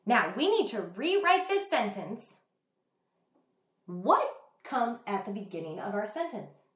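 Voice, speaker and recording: A woman teacher giving an online reading lesson to young children, sounding out words slowly and praising the class. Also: fairly high pitch, sing-song, fairly bright tone, reverberant. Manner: slow, exaggerated sounding out of words. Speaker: kindergarten teacher.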